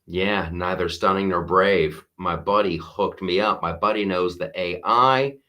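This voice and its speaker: A middle-aged man hosting a live-stream podcast, talking in an animated, mocking way and laughing often. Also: deep voice, measured pace. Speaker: podcast host. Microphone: wearing a strapped headset or mic.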